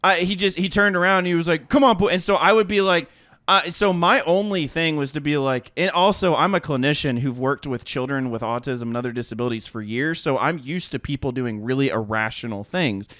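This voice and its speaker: Podcast co-host, man in his 30s: lively, profane storyteller, slightly high voice, dry close sound. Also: fairly quick, dry recording. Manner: animated, profane, laughs often, acts out quotes. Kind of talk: casual chat, storytelling.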